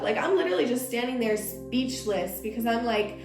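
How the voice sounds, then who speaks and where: A young woman with a slightly high voice tells a story in a loose, chatty way, full of "like" and heated asides. Her voice rings in an echoey room. Faint music plays underneath. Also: lively intonation, fairly quick, few pauses. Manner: chatty, heated retelling with lots of "like". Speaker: vlog host and former dancer. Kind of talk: casual storytime during a stretch flow.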